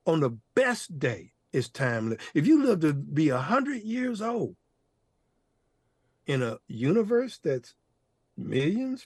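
Gravelly, laughing older man. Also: a little high, wildly swooping pitch, slow, long pauses, darkish tone, no echo, studio quality. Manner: exuberant, laughs often, playful slang. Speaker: guest, author and mentor. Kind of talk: animated storytelling interview.

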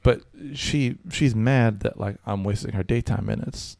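A man's voice: lowish voice, measured pace, gravelly, a little mellow, no echo. A man telling a comedic story in casual chat, rambling and hesitant, with stammering restarts. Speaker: storyteller guest.

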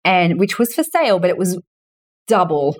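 A woman's voice: big pitch swings, normal speed. A woman in her forties, a guest on a podcast, telling anecdotes casually and acting out the voices she quotes. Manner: storytelling, acting out quoted voices with big pitch jumps. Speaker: guest, money mentor and author.

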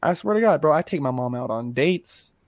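A man co-hosting a podcast in casual chat, talking in a rambling, animated and profane way. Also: fairly high pitch, brisk, dry recording. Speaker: podcast co-host.

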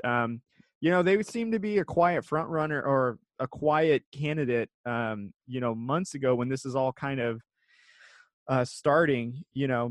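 A man co-hosts a casual sports talk show from his living room at home, teasing his partner and then settling into steady analysis. His voice sits at a middle pitch, and the sound is dry and close. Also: no room sound.

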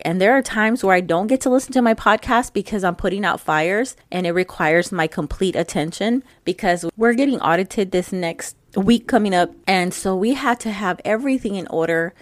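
A woman's voice: mid-range voice, no echo, clean studio sound. A woman hosting her own podcast, talking to her listeners in a chatty, personal way. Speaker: podcast host. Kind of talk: casual podcast monologue.

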